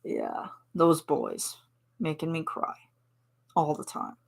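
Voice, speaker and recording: A woman's voice: low voice, wildly swooping pitch, slow, gravelly, slightly rough. A woman from Canada chatting casually with her viewers on a stream, giggling and answering chat. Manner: chatty and giggly, reads chat replies aloud.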